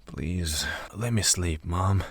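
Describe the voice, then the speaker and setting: A man's voice: sits low, slow, vocal fry, no room sound, full character voice. A man voicing a sleepy, stubborn young man of twenty-three who grumbles reluctantly. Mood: grumbling.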